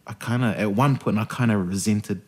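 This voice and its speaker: A man's voice: lowish voice, brisk. A radio host telling stories in a casual interview, swearing freely and acting out the people he quotes. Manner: animated storyteller, swears freely, acts out quoted voices.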